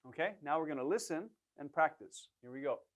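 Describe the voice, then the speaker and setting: A man's voice: a little high, animated, a little fast, dull audio. A man with a slightly raised voice leads a beginner language lesson. He talks in patient, encouraging teaching drills, prompting the listener to say each phrase again and praising each try. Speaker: Korean language instructor.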